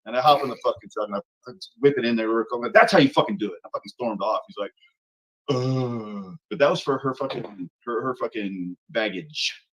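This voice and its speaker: A man's voice: on the low side, a little fast, hardly any pauses, rough recording. A man telling old army stories as a guest, swearing constantly. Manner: profane, animated storyteller. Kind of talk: casual storytelling.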